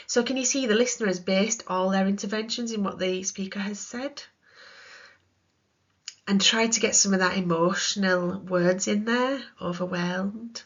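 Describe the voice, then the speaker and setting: A British woman who trains counsellors gives a chatty recorded lesson packed with examples, speaking in a mid-range voice at a moderate pace. The recording has a dull, lo-fi sound.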